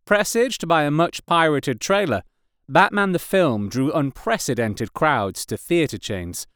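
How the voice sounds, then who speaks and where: A man reading aloud, narrating stories and nonfiction in an even, measured way. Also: fairly high pitch, clean tone, dry recording, studio quality. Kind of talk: audiobook narration.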